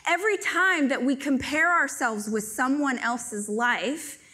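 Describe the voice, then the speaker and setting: A woman giving a live stage talk to an audience, telling stories in an animated, joking way. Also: high voice, measured pace. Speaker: motivational speaker.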